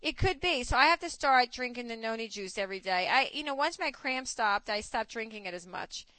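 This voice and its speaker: A woman in her forties hosting a casual chat, telling stories in an animated way and acting out quotes. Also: fairly high pitch, fairly quick, no room sound, rough recording. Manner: chatty, animated storytelling with acted quotes. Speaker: host.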